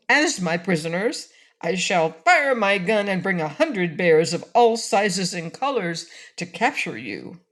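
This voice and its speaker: A woman voicing a small stuffed toy bear sentry in an audiobook, squeaky, prim and pleased with himself. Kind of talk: audiobook reading.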